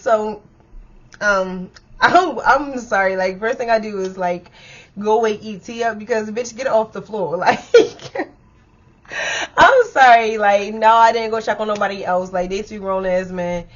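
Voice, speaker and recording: A woman telling a story to her viewers in a casual, animated way, with lots of swearing. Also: medium pitch, a little slow. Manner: animated, profane, talks straight to viewers. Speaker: storytime vlogger. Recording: dull lo-fi sound.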